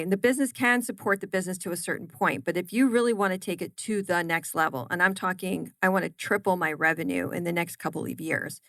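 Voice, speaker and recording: A woman chef and entrepreneur chatting on a podcast. Her voice sits fairly low and is recorded dry and close. She tells stories animatedly, punching key words through repetition. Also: no echo. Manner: animated storyteller, emphatic repetitions. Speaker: guest, chef and granola business owner. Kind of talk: casual podcast interview.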